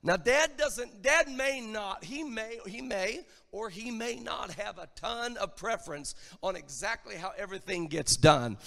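High, gravelly preacher in a reverberant church. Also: male voice, animated, unhurried, few pauses. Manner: emphatic, building to shouted lines. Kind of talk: sermon.

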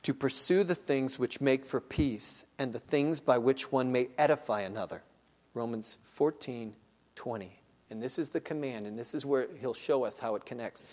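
A man preaching a sermon as pastor, dropping to hushed low asides and then building to loud, slow, rising exclamations. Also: big-room sound. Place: church sanctuary.

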